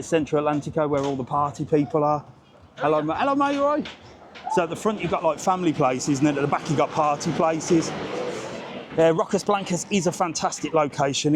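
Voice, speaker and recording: A man's voice: fairly high pitch, expressive, brisk, background noise. Male travel vlogger, casual walking live stream outdoors, cheeky banter, faint ambience behind. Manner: chatty, cheeky banter with passers-by. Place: outdoors on a seaside resort street.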